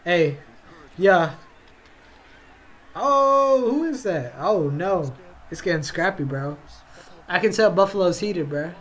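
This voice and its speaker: Young guy, high voice, slow and chill, hyping and groaning over game highlights, bro every line. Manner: excitable, yelps and drawls "bro" constantly. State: tired, yawning. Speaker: reaction video host. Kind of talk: casual game reaction commentary.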